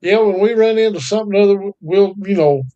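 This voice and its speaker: Co-host, male, high register, easygoing storyteller with homespun phrasing. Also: brisk, mellow, lo-fi sound. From North Carolina. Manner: folksy, drawling storyteller with country sayings. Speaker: podcast co-host. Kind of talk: casual chat.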